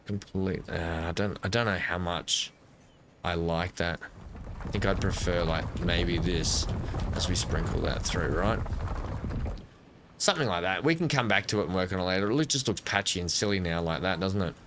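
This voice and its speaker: Let's-play host, man, somewhat low voice, rambling self-correcting commentary into a desk mic. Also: normal speed, noisy background. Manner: thinks aloud while building, self-correcting. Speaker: gameplay commentator.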